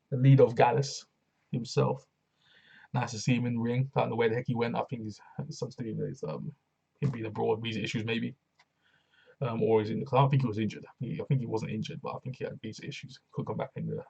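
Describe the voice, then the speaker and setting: A man talks through a wrestling show on his own, slangy and excitable, and keeps looping back on his phrases. His voice is gravelly and husky. It comes through a dull, lo-fi recording. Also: mid-range voice. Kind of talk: casual solo review.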